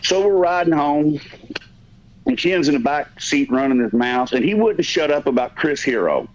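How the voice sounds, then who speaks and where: A man with a fairly high voice tells a long, rambling, profane story, cutting himself off and circling back. He speaks as a podcast host in casual chat. The audio is dull and lo-fi. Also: expressive, normal speed. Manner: rambling, profane, self-interrupting.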